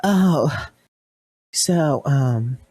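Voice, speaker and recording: A man putting on a flirty woman's voice in falsetto, coy and teasing, as a joke on stream. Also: animated, extremely slow, a little mellow, husky, exaggerated voice.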